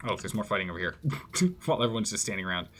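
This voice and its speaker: A man's voice: lowish voice, animated, very fast, fairly bright tone. A man streaming gameplay live, commenting in a playful, jokey way.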